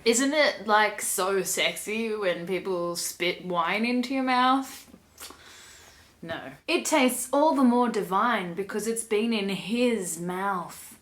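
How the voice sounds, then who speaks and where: A young woman reading a book aloud on her vlog and breaking off for sarcastic, deadpan comments. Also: mid-range voice.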